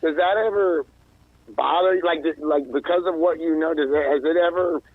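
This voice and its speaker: A man's voice: fairly high pitch, normal speed, no echo. A man in casual chat, asking rambling, hesitant questions. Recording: tinny phone-like line.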